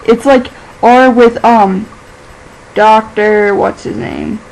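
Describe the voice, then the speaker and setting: A woman's voice: a little high, wildly swooping pitch, gravelly, a little mellow, rough recording. A teenage girl vlogging in a rambling, casual way, filling her talk with "like" and laughing easily. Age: teens. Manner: chatty and scattered, fills every pause with "like", laughs easily.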